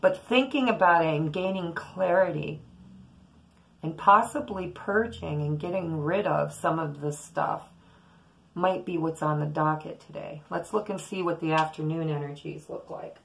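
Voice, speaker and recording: A woman's voice: low voice, normal speed, creaky, low-quality recording. A woman giving a casual, rambling daily tarot reading straight to camera, talking in a chatty, intuitive way. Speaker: tarot reader.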